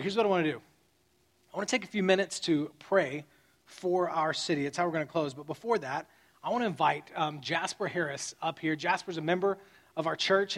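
A man's voice: sits high, fairly bright tone. A man delivers a sermon. He preaches emphatically yet conversationally, slipping into casual asides to the congregation. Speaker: pastor.

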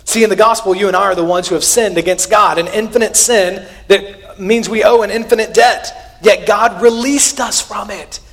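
Earnest man preaching, slightly high voice. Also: fairly even intonation, normal speed, hardly any pauses. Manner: earnest, conversational preaching with sudden emphatic rises and quiet asides. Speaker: pastor. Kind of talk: sermon.

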